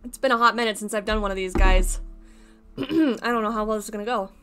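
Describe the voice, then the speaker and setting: A woman streaming a game live, chatting casually in a playful, giggly way that swings between mumbling and yelling. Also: mid-range voice, fairly quick, faint music behind. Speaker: VTuber streamer. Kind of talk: casual live-stream chat while gaming.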